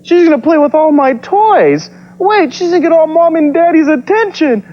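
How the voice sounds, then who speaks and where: A man voicing an excitable little boy dinosaur, jealous but sweet, who squeals breathlessly and giddily. Heard from a dull, lo-fi copy of a TV broadcast. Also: very high-pitched, normal speed, voice pushed up. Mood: giddy.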